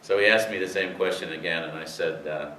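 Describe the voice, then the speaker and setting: A man's voice: low-pitched, brisk, pushed and bright. An older man telling rambling racing anecdotes to an audience, with many fillers. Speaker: speaker telling racing history. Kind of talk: storytelling talk to an audience. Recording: roomy, distant, faint hiss.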